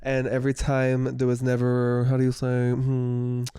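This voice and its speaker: A man's voice: mid-range voice, completely flat delivery, measured pace, warm tone, clean tone, dry recording, clean studio sound. A man co-hosting a podcast, chatty and giggly, trailing off in fillers as he talks. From the American South. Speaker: podcast co-host. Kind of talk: casual chat.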